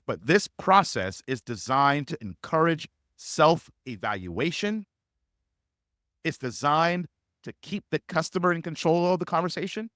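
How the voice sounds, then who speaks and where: A man's voice: a little high, expressive, a little slow, fairly bright tone, dry recording, clean studio sound. A man teaching sales as a coach in a live webinar, speaking emphatically and repeating key phrases to drive points home.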